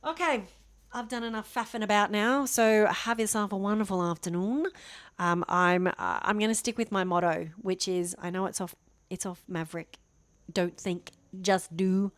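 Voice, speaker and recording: A woman's voice: medium pitch, fairly even intonation, moderate pace, clear, resonant tone, no room sound. A middle-aged woman and former teacher, talking about herself to camera at home in a chatty, rambling, self-deprecating way. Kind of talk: casual talking-head vlog. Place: home near a main road. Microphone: microphone on a stand facing her, camera turned away.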